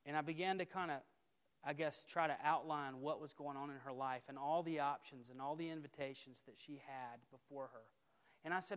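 Campus minister guy preaching, high voice, big echoey hall, repeats lines with building emphasis. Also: normal speed, smooth. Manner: emphatic, building repeated phrases, dropping to quiet intensity. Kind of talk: sermon. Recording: long hall reverb.

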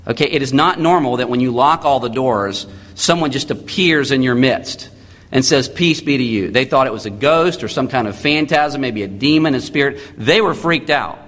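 A man in his thirties preaching a sermon as a pastor, swinging between loud emphatic lines and quiet intimate ones. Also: medium pitch, long reverb tail.

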